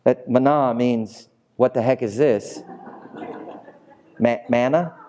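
A man preaching a sermon as pastor, animated and playful, acting out little scenes as he goes. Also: mid-range voice, slow, a little hiss or hum.

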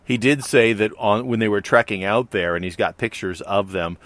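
A man's voice: fairly low pitch, moderate pace, fairly bright tone, dry recording. A middle-aged man co-hosting a podcast, chatting casually and rambling with many fillers and restarts. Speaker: podcast co-host. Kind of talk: casual chat.

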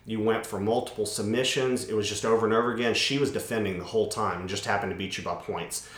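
A man's voice: on the low side, steady tone, quick pace, a bit bright. A man and parent talking casually about his daughter, rambling with lots of fillers. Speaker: parent of a young athlete. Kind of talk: casual chat. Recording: echoey room.

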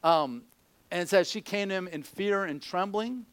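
A male preacher delivers a lively sermon in a fairly high voice. He slips into the voices of doubters and disciples to make his points. The sound is close and dry, with no room echo. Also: moderate pace, clear, resonant tone. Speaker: pastor.

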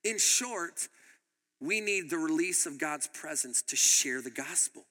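A man preaching a sermon as a pastor, an animated storyteller who laughs as he tells his stories. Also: fairly high pitch, normal speed, big-room sound.

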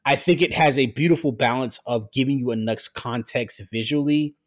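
A man's voice: mid-range voice, moderate pace. A man who writes comics, a podcast guest, arguing his point in casual chat, restarting often and swearing.

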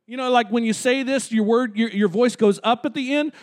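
Man, pastor, very high voice, casual preaching to a congregation, church sanctuary. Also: fairly quick. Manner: conversational preaching with audience call-outs. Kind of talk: sermon.

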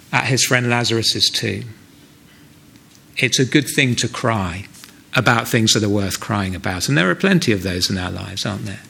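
A man's voice: mid-range voice, creaky, a bit bright. A man preaching a sermon in a church, earnest and conversational, often asking the listeners rhetorical questions.

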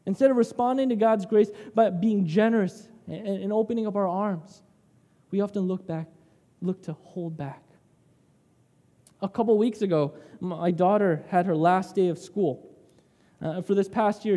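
A man's voice: high voice, dark tone, in a large hall. A man preaching a sermon in a conversational way, telling personal stories and tagging lines with "right?".

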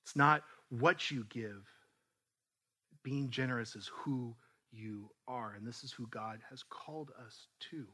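A pastor telling a personal story in a conversational, animated sermon, often restarting his sentences. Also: medium pitch, a little slow, breathy edge. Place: church.

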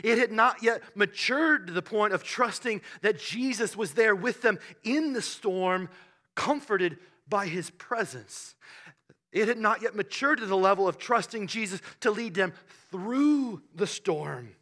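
A man delivering a sermon with a high, very bright voice that swings widely in pitch. He tells the story with animated bursts and quiet asides. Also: unhurried. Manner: animated storytelling, acting out the disciples in loud bursts and hushed asides. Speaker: pastor.

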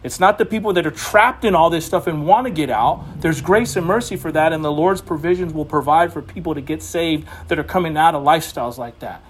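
A male preacher with a somewhat high voice, talking through scripture in a loose, conversational way. He leans hard on his points, and his voice climbs as he presses them. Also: fairly quick, few pauses, a little hiss or hum. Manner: conversational, emphatic, rising to animated exhortation. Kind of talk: informal sermon teaching.

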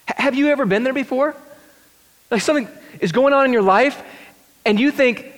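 A man preaching a sermon as pastor, swinging between excited rising questions and hushed, tender passages. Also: very high-pitched, normal speed, pauses often. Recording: long hall reverb.

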